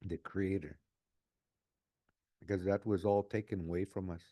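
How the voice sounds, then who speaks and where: Older guy near seventy, lowish mellow voice, earnest reflective interview talk, repeats himself a lot. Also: steady tone, normal speed. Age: 60s. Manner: earnest, repeats his phrases. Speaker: community advocate.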